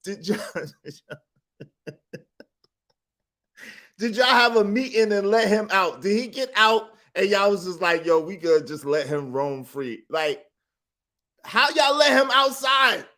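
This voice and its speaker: A man's voice: sits high, lively intonation, unhurried, long pauses, pushed and bright. A man hosting a comedic reaction show, laughing and asking the same incredulous questions again and again. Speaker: host reacting to clips.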